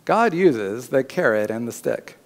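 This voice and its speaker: A man preaching a sermon as pastor in a church, his voice climbing higher and louder when he voices God's words. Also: very animated, a little slow. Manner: preaching, rising loud and high when voicing God's words.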